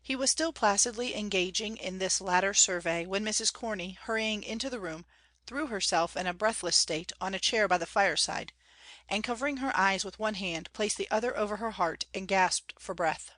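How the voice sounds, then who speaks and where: Woman, audiobook reader, measured classic narration, mid-pitched voice, dry close mic. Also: a bit bright, no room sound.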